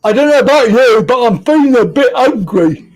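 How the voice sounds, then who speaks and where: A man's voice: very high voice, expressive, normal speed, poor audio. A man hosting a casual live stream from home, being silly, giggling and greeting viewers by name.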